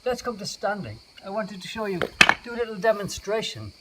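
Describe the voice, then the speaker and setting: A man teaching yoga and meditation to children, guiding them gently and playfully. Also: sits high, big pitch swings, a little fast. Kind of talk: guided kids' yoga and meditation. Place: outdoors. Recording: distant mic, outdoor noise.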